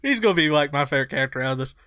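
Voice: medium pitch, animated, racing, bright, forceful tone, smooth, no echo. A let's player commenting on a game while reading its lines aloud, giggly and reactive, on a close mic. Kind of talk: gameplay commentary.

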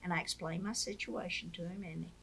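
Older lady, gravelly voice, lively storyteller, faint background hiss. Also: lowish voice, brisk. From Mississippi. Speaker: interview guest, wife of a former POW. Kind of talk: storytelling in a conversational interview.

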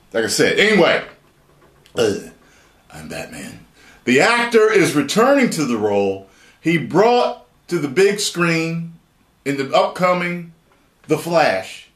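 A man giving excited, profane, rambling video commentary and reading an article aloud. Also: fairly high pitch. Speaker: YouTube commentator. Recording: roomy echo.

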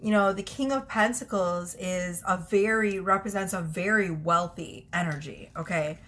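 A woman's voice: lowish voice, moderate pace, fairly bright tone. A young woman chatting casually at home while giving a tarot reading, often breaking into giggles. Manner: giggly, chatty, self-interrupting. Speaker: tarot reader.

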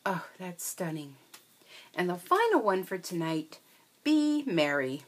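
A woman's voice: on the low side, big pitch swings, measured pace. A woman craft vlogger chatting casually and gushing with delight as she shows handmade cards, with frequent ums. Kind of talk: casual show-and-tell.

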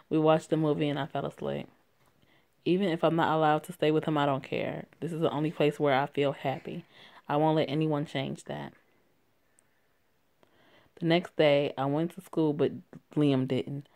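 A woman's voice: sits low, fairly even intonation, moderate pace, gravelly, long pauses, darkish tone. A young woman casually reading a written story aloud, stumbling and correcting herself, swearing and laughing as she goes. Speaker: story reader.

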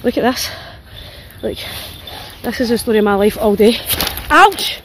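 Tired, high-voiced Scottish woman. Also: little pitch movement, moderate pace, background noise. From Scotland. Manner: chatty, swearing, voicing her dogs' thoughts. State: tired and sore. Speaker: dog walker vlogger. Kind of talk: casual walking vlog. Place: outdoors in woods on a walk.

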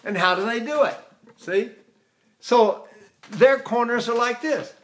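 An older man leads a singing lesson with a high, bright voice. He talks with lively energy and often breaks off to demonstrate sounds. He chuckles readily as he explains technique. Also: unhurried. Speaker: voice teacher.

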